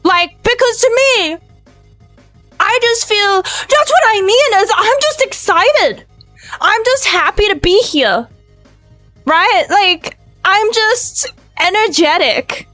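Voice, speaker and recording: A woman with an Australian accent chatting on a live stream, energetic, loud and rambling. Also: very high voice, slow pace, no echo, soft background music, rough recording. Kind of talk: casual live-stream chat.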